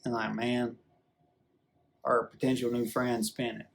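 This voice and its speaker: A man vlogging a rambling, earnest confessional story, halting often and restarting his sentences. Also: medium pitch, flat delivery, creaky, a little hiss or hum. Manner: halting, earnest, with many restarts and drawn-out fillers.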